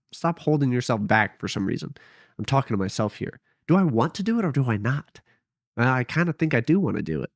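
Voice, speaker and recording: Young guy on a headset at home, rambly and unsure of himself, normal pitch, super dry sound. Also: dry recording. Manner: rambling, hesitant, self-deprecating. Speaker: vlogger. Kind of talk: casual late-night vlog. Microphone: headset mic.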